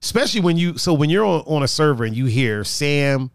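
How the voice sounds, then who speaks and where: A podcast host tells stories in an animated, casual way and swears freely. His voice is on the high side, brisk and smooth, recorded with clean studio quality and no room sound.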